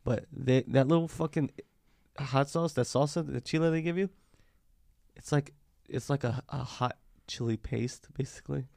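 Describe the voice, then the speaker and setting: A hoarse man co-hosting a podcast, joking and telling rambling stories over beers. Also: medium pitch, moderate pace, a little mellow, no room sound, studio quality. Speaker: podcast co-host. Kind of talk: casual chat over beers.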